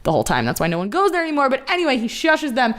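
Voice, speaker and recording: Young woman, podcast co-host, casual animated recap chat, acts out lines. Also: high voice, racing.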